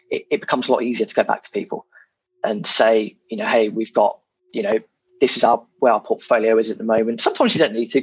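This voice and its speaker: Husky man talking property, frank and casual. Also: mid-range voice, no echo, highs cut off. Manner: frank and self-deprecating, many fillers. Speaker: property investor guest. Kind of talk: casual podcast chat.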